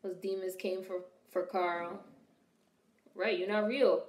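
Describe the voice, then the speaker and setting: A young woman from D.C. takes it slowly while hosting a casual film reaction video, her medium-pitched voice a little mellow. Blunt and given to profane wisecracks, she's heard in a roomy space with noticeable echo.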